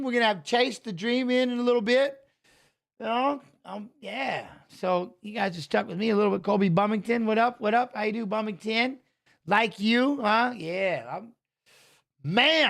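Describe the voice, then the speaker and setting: A man's voice: sits high, a bit bright. A man hosting a live watch-along stream, chatting casually and greeting viewers by name, often adding "you know what I'm saying". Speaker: livestream host.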